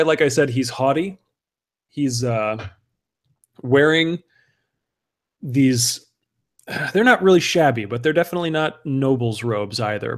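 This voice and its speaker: A man narrating as game master of a tabletop game, with many hesitant fillers. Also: medium pitch.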